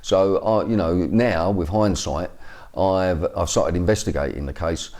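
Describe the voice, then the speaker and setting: Man, fifties, Cockney accent, low pitch, dark tone, rambling interview account. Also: unhurried. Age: 50s. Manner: rambling, many fillers and restarts. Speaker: interview guest.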